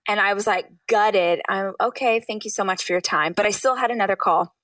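Animated storytelling woman in her thirties. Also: fairly quick, no echo, recorded from a distance. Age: 30s. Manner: animated, acts out quotes with high bursts. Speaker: author and guest. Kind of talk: storytelling interview.

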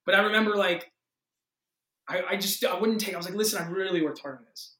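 Guy with a high voice telling a wild audition story, lots of swearing, echoey room. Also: fast talker. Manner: excitable, acts out quotes, swears freely. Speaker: actor guest. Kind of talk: animated storytelling in a casual interview.

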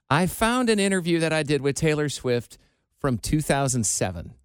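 A man's voice: on the high side, big pitch swings, normal speed, clear, resonant tone, no room sound. Chatty male radio host, dry studio. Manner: chatty, storytelling, self-deprecating. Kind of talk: casual on-air chat.

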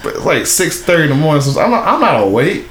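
Lively young man in an echoey room. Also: on the high side, fast talker. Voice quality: profane, rambling storyteller. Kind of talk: casual podcast chat. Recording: echoey room with faint hiss.

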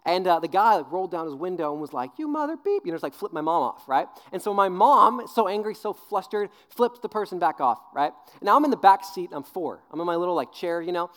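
A man in his twenties preaching a sermon, telling an animated story with acted-out voices, then dropping low and earnest on serious points. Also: brisk, few pauses. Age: 20s. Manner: animated storyteller, acts out voices with big pitch jumps. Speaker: youth pastor.

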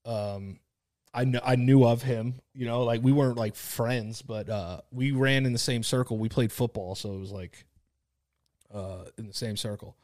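A man's voice: mid-range voice, steady tone, moderate pace, darkish tone, dry recording, clean studio sound. A young man co-hosting a podcast, telling a story in rambling, slangy casual chat full of filler words. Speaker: podcast co-host.

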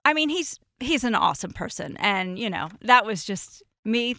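A woman guest on a podcast, telling a personal story in casual chat, animated and prone to trailing off and restarting. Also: mid-range voice, moderate pace, gravelly, no echo, studio quality. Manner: animated, acts out quoted voices.

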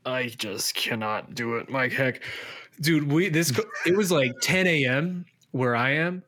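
Excitable rambling male fight pundit. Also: medium pitch, unhurried. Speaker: co-host. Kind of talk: post-fight analysis chat.

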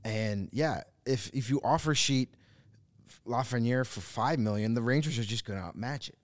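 A man co-hosting a casual sports podcast, giving blunt, opinionated takes with quick dismissive asides. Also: medium pitch, dry recording. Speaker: podcast co-host.

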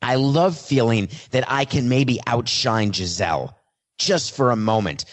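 A man with a mid-range voice plays a famous star quarterback who responds to press questions with blunt honesty. It's a mock press-conference monologue, lightly acted, delivered in his own plain voice with no attempt at an impression.

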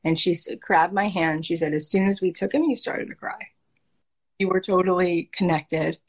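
A woman's voice: lowish voice, fairly even intonation, fairly quick, breathy edge. A woman in her thirties or forties speaking earnestly and emotionally in a conversational chat, with heartfelt emphatic repetitions. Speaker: guest sharing personal story.

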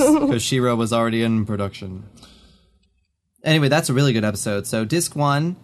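A man co-hosting a casual podcast, joking, laughing often and swinging his voice around. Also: a little slow. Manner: jokey, laughing, lively swings in pitch. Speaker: podcast co-host. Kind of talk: casual chat.

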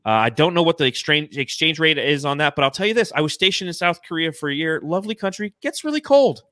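An excited young man hosting a live podcast chat, his voice bright and high for a man. He reads out donations and swears freely. The sound is close and dry. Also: fast, dry recording. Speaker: podcast host. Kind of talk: casual livestream chat.

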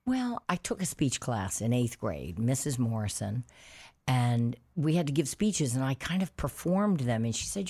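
A middle-aged woman from New Orleans talks as an interview guest. She is expressive and laughs often, and she acts out the voices of people she quotes. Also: very deep voice, a little slow. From New Orleans, USA. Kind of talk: casual interview chat.

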